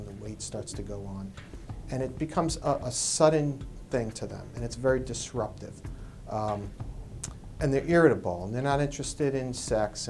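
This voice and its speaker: Man, medical expert, explaining, animated quotes. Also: mid-range voice, a little hiss or hum. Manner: animated, acts out quoted people. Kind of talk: explanatory interview.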